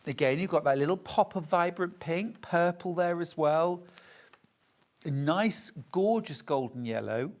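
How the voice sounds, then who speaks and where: A man's voice: a little high, expressive, measured pace. A man presenting fabrics on a live home shopping show, chatty and full of enthusiasm.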